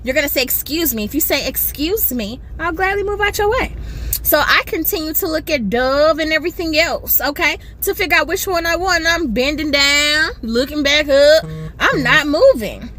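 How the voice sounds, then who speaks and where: A woman telling an animated story to her phone from a parked car, acting out other people's voices. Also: high-pitched, moderate pace, a little hiss or hum. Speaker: social media storyteller. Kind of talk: storytime video.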